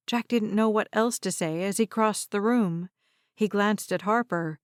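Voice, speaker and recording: A woman narrating a novel in a measured, deliberate way. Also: medium pitch, clear, resonant tone, no echo, clean studio sound. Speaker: audiobook narrator. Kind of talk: scripted narration.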